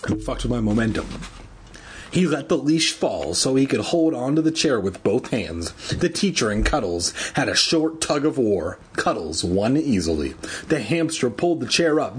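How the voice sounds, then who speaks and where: A man's voice: medium pitch, big pitch swings, moderate pace, slightly rough. A man reading a storybook aloud at home, with irreverent, swearing asides. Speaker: reader.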